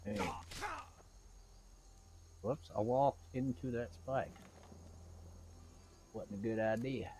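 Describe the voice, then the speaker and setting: A man's voice: mid-range voice, fairly even intonation, slow, pauses often, warm tone, a little hiss or hum, low-quality recording. A man streaming a video game, chatting casually in a playful, jokey way. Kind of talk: casual gaming commentary.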